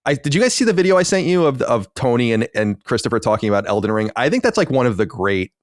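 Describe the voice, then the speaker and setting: A man's voice: mid-range voice, big pitch swings, quick pace, no room sound, studio quality. A man co-hosting a video game podcast, talking in emphatic repeated lists. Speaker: podcast co-host. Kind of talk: casual chat.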